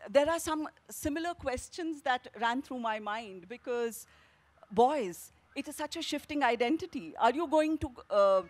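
A woman novelist with an Indian English accent, speaking thoughtfully on a festival panel with many pauses and fillers. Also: fairly high pitch. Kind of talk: panel discussion and reading from her novel.

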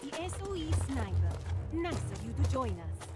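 A woman's voice: high voice, big pitch swings, normal speed, long reverb tail, over music. An actress playing a stern female resistance leader in a video game, speaking with a heavy Italian accent. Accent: heavy put-on Italian.

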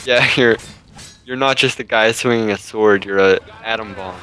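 A man's voice: on the low side, moderate pace, pushed and bright, slight background noise, low-quality recording. A young man giving casual commentary while playing a video game with a friend, chatty and joking, laughing at the chaos on screen. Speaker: gamer co-host.

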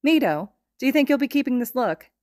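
Bubbly, excited teen girl voiced by a woman narrator, notably higher than her own voice. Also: fast talker, no echo, clean studio sound. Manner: excited, gushing. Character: bubbly, enthusiastic teenage girl.

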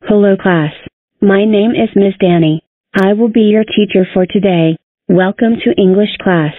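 Cast a female text-to-speech voice as a strict cartoon teacher, mid-pitched, dry, tinny. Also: moderate pace, dry recording, natural voice. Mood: instructing. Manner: stern, scolding. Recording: tinny phone-like sound.

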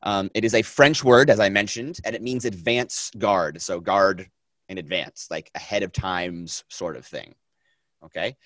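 A man teaches a film class, his voice sitting on the lower side. He talks in a chatty, energetic way, circles back on his phrases and pads them with fillers. The sound is dry and close, with almost no room. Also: a little slow, no room sound. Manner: energetic, chatty, repeats himself, many fillers. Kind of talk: classroom lecture.

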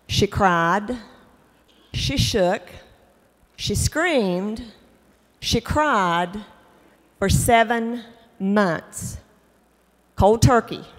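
A woman legislator giving a floor speech, telling a story slowly and deliberately. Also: fairly high pitch, in a large hall. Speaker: state legislator.

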